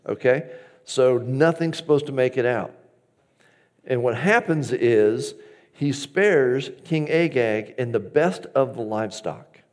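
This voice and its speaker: Brief: male pastor, sermon delivery, average pitch, shifts between loud emphasis and soft asides, acts out quotes. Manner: acts out quoted lines from scripture.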